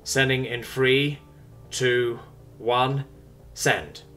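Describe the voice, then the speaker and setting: A man voicing a cheerful male technician who reads out a launch countdown in a crisp, procedural way. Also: medium pitch, fairly even intonation, very slow, pushed and bright, soft background music.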